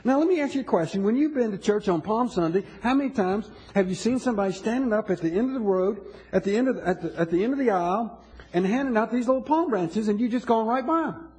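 A man's voice: sits high, lively intonation, fast, darkish tone, slightly rough. A male pastor preaching a sermon in a conversational way, asking the congregation questions with frequent restarts.

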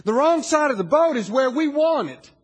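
A man's voice: extremely high pitch, expressive, normal speed, long reverb tail. A man preaching a sermon as pastor, talking conversationally to his congregation and building to emphatic declarations.

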